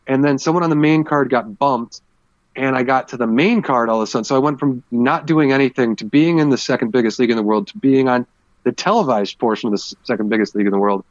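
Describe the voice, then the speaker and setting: A man in a casual podcast chat, telling his stories candidly and with plenty of fillers. His voice sits at an ordinary pitch and sounds dry and close. The recording is a little muffled. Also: quick pace, no room sound. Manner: candid, rambling storytelling with many fillers. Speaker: former MMA fighter, guest.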